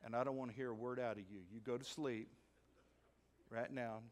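A man's voice: mid-range voice, fairly even intonation, a little fast, close to an everyday voice. A stern young mother, as a preacher plays her. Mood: scolding. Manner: firm, clipped commands.

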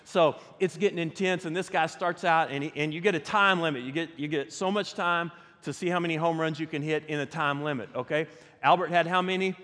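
A man preaching a sermon as pastor, telling a story with animated energy that rises and falls. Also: on the high side, brisk. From United States. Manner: animated storytelling, rising loud for excitement. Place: church sanctuary. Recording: reverberant church hall.

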